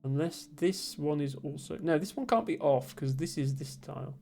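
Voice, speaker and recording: Her voice sits low, warm yet gravelly, at a normal speed, with faint music in the background. This puzzle streamer from Somerset in southwest England has a slightly posh, generic southern English accent and rambles along, thinking aloud and reading the chat.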